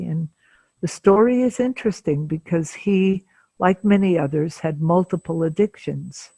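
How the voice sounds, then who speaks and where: Slow gravelly older woman therapist. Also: lowish voice, warm tone, dry recording. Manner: slow, deliberate storyteller with frequent pauses. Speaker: psychotherapist guest. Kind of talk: interview storytelling.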